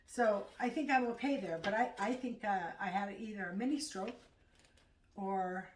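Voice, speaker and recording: A middle-aged woman chatting casually at home in a vlog, rambling and halting as she talks. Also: mid-range voice, slight background noise. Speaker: vlogger. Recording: echoey room, far from mic.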